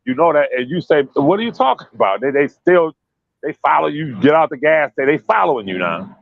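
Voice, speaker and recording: A man giving casual, profane commentary in an emphatic, animated way. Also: on the high side, a little fast, creaky, no echo, phone-quality sound.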